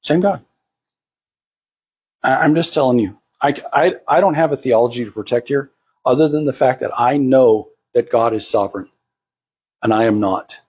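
Husky-voiced man preaching a sermon. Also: medium pitch, moderate pace, a little mellow. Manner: acts out quoted voices. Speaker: pastor.

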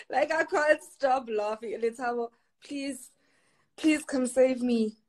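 Slow-talking young woman chatting on a livestream. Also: high voice, darkish tone. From Kenya. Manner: chatty, reads comments aloud, laughs often. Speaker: livestreamer reading comments. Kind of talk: casual live-stream chat.

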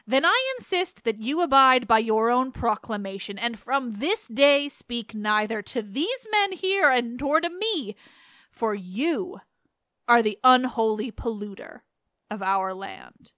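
A woman voicing a grave old blind male prophet, reading his lines slowly and deliberately. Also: fairly high pitch, animated, fairly bright tone, dry recording. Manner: slow, measured quoting.

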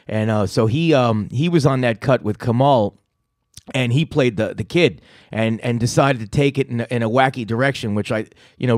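A man's voice: medium pitch, no room sound, studio quality. A man hosting a podcast, rambling casually and swearing between stories. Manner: rambling, profane, laid-back. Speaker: podcast host. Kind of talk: casual monologue.

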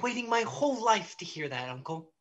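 Woman playing an eager young nephew, husky. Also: medium pitch, very animated, fairly quick, lo-fi sound. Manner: eager, affectionate. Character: warm-hearted young male nephew, eager. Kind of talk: amateur online theatre.

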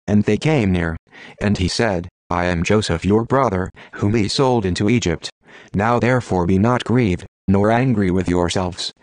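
A computer-generated male voice reading scripture aloud in steady, measured phrases, pausing at every clause. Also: sits low, no room sound. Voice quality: text-to-speech voice. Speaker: scripture reader.

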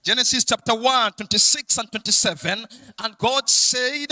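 Young man, Kenyan accent, preaching, sing-song and emphatic, very high voice, bright. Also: moderate pace, low-quality recording. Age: young adult. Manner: sing-song, emphatic, repeats key lines. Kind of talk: sermon.

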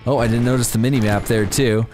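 A young man commenting on a game as he plays, giddy and breaking into high-pitched squeals of surprise. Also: fairly even intonation, quick pace, a little mellow, faint music behind. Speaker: gameplay commentator. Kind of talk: excited let's-play commentary.

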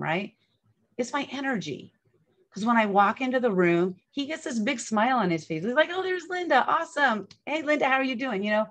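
A woman in her fifties hosting an event, speaking candidly and enthusiastically in a casual motivational talk, often repeating herself. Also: on the low side. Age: 50s. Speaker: event host.

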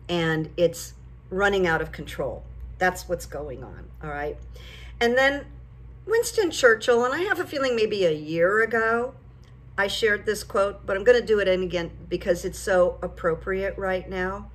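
A woman's voice: mid-range voice, unhurried. Chatty older woman vlogging. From United States. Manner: chatty, storytelling, animated when retelling. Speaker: vlogger and psychic coach. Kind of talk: casual talk to camera.

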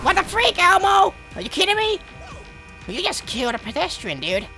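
A woman giving gameplay commentary with friends, jumpy and yelling and swearing in fright. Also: very high voice, sing-song, moderate pace, soft background music. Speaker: gaming video host.

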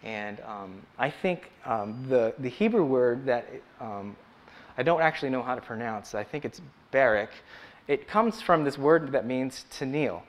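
Man, church elder, conversational sermon, hesitant fillers, medium pitch. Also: expressive. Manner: conversational, frequent ums and uhs; slow, solemn scripture reading.

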